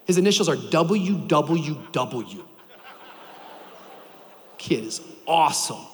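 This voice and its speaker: A man in his thirties preaching to a church crowd, his voice high and bouncing all over the place. He tells stories with big energy and bursts into shouts to drive a point home. His words ring out with a long reverb through a large hall. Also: slow. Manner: animated storytelling, shouting for emphasis. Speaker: pastor. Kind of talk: sermon.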